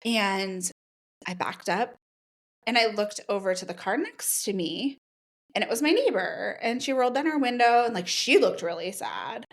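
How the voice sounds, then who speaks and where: A middle-aged woman, a podcast guest, telling personal stories in a casual way and acting out quoted dialogue with lively jumps in pitch. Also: normal speed. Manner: many fillers like "um" and "like". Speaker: guest, Reiki practitioner. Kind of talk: casual conversational storytelling.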